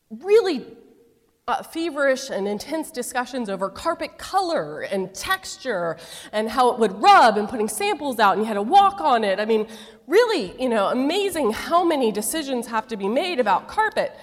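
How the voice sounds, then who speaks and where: Animated woman pastor preaching a sermon. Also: fairly high pitch, long reverb tail. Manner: storytelling with playful asides.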